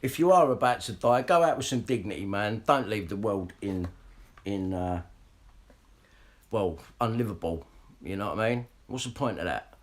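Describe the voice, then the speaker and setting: A man's voice: lowish voice, animated, moderate pace. A man ranting casually and swearing a lot as he talks straight to his livestream viewers. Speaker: livestream vlogger.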